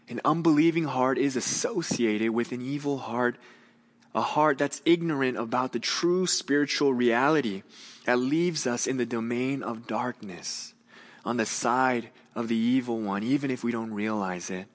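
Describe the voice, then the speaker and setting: A man preaching a sermon as a pastor, earnest, moving between raised emphasis and hushed, gentle appeals. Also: mid-range voice, unhurried, big-room sound.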